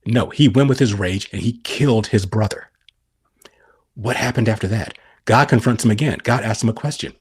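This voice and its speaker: A man's voice: lowish voice, normal speed, darkish tone, breathy edge. A middle-aged man on a podcast explaining scripture, asking and answering his own questions. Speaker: podcast guest.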